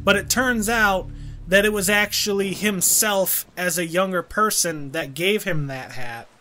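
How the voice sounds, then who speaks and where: A man co-hosting a let's play, excitable and rambling, reading game text aloud with drama. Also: sits high, unhurried, faint music behind. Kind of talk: casual gameplay commentary.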